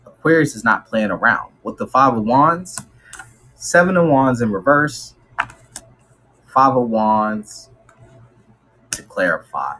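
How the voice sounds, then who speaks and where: A man giving a casual tarot reading, talking in a slangy, animated way and acting out what people might say. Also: medium pitch, slow, long pauses, a little hiss or hum, low-quality recording. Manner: slangy and animated, acts out quotes. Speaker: tarot reader.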